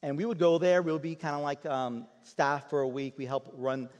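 A man's voice: on the high side, flat delivery, normal speed, a little mellow. A man preaching a sermon as a pastor, telling a story in a conversational way and often repeating words as he restarts a phrase. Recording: long hall reverb.

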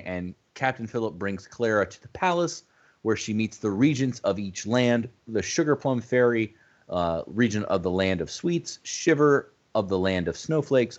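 A man with a fairly low voice talks through a film plot in a loose podcast chat. He is quick and animated and drops the odd swear. The audio is a little dull and lo-fi. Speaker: podcast co-host. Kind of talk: casual movie review chat.

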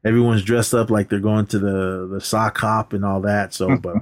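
A man's voice: lowish voice, little pitch movement, normal speed. A man co-hosting a podcast, retelling film scenes in casual chat and jumping his voice up when he quotes the characters. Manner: rambling retelling, acts out lines in a raised voice. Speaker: podcast co-host. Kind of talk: casual movie recap chat.

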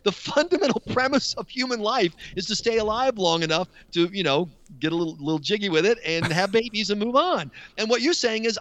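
A man with an American accent arguing his side in a studio debate, sarcastic and animated. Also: sits high, a little fast, hardly any pauses, dry recording. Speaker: studio guest.

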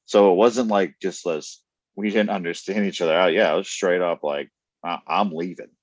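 A man's voice: deep voice, normal speed, dry recording. A man telling blunt, profane stories with frequent laughs in a casual podcast chat. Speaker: podcast guest.

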